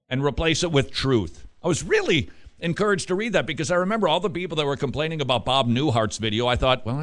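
A man hosting a casual Christian radio talk show, chatting quickly and then driving his points home with emphatic, repeated exhortations. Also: medium pitch. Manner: lively, emphatic, rising to forceful exhortation; quick, chatty asides with restarts and laughs.

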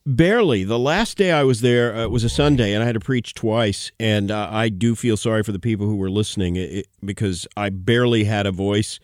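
A man with a stuffy, hoarse voice from bronchitis, chatting on a radio show in a halting way with many fillers. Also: on the low side, no echo, clean studio sound. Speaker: radio show regular guest. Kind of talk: casual radio chat.

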